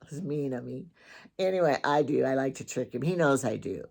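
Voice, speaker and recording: A woman's voice: very deep voice, expressive, moderate pace, creaky, darkish tone, husky. A woman from Wyoming hosting her own casual morning show and telling rambling stories about her husband in a chatty, teasing way. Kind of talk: casual storytelling monologue.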